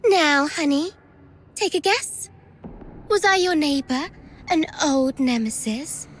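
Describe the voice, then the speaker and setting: A woman's voice: high-pitched, lively intonation, slow, slight background noise. An actress voicing a mocking, treacherous young woman in a video game, taunting with theatrical sarcasm. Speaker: game character.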